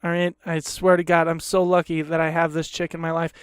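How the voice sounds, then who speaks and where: A man's voice: a little high, completely flat delivery, a little fast, clear, resonant tone, no echo, studio quality. A man hosting a podcast, ranting heatedly in a casual, profane way and repeating himself. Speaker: podcast host.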